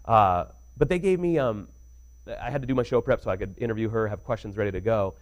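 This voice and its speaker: A man's voice: fairly low pitch, fast talker, highs cut off. A young adult man, a radio DJ, telling stories as a guest in casual interview chat, laughing often and doing playful impressions.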